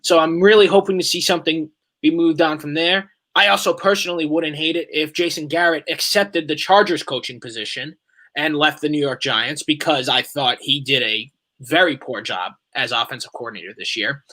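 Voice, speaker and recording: Bright-voiced man venting about his team. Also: on the high side, moderate pace. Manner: opinionated, frustrated. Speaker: sports show co-host. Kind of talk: casual sports discussion.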